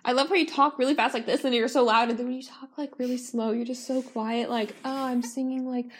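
A woman co-hosting a casual home video with her sister, teasing her and telling her to slow down. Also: fairly high pitch, fairly even intonation. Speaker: co-host of a home video channel. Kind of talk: casual chat.

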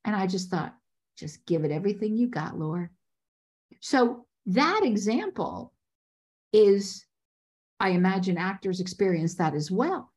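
Woman, casting director, podcast guest, animated storyteller, acts out quotes. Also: mid-range voice, a little slow, pauses often.

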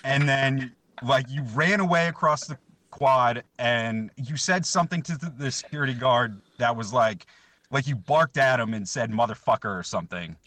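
Bright-voiced man telling a rambling story. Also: mid-range voice, moderate pace. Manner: rambling storyteller, laughs often. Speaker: guest. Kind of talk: casual podcast chat.

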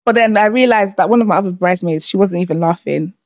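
A woman's voice: mid-range voice, quick pace, dry recording, studio quality. A young British woman casually telling a story on a podcast, acting out what people said to her. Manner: animated storyteller, acts out quoted dialogue. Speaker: podcast guest, former bride.

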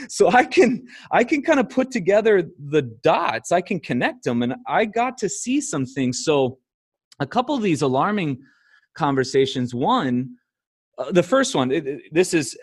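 Lively man telling a story, dry sound. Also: medium pitch, dry recording. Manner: animated storytelling, laughs often. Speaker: podcast guest. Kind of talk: casual conversation.

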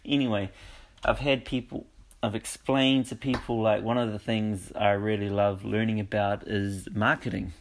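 A man with a slightly low-pitched voice, talking in a relaxed, unscripted monologue. He tells stories with animated energy and laughs often. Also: normal speed. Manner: animated storytelling with frequent laughs. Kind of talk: casual monologue.

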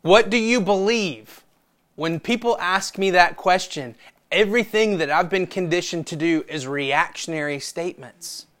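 A man preaching a sermon to his church as pastor, telling a story and reading scripture, swinging from loud declarations to hushed asides. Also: fairly high pitch, moderate pace.

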